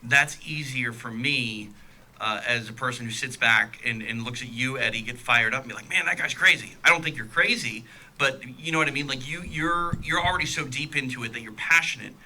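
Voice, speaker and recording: A man's voice: medium pitch, brisk, sharp tone, poor audio. A man co-hosting a casual podcast chat, rambling in a laid-back way with lots of fillers.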